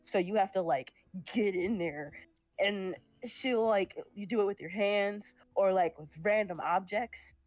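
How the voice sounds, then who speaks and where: A woman's voice: mid-range voice, unhurried, a little mellow, dry recording, soft background music. A young woman chatting casually while drawing on a stream, laughing and swearing now and then. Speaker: streamer making art.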